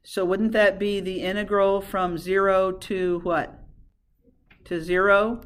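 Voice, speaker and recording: A woman's voice: medium pitch, little pitch movement, slow. A woman math teacher lecturing a class in a classroom, asking questions and answering them herself.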